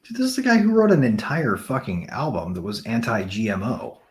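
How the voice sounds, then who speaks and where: A man's voice: medium pitch, wildly swooping pitch, fairly quick. A man talking as a guest in a casual chat, blunt and emphatic, swearing freely.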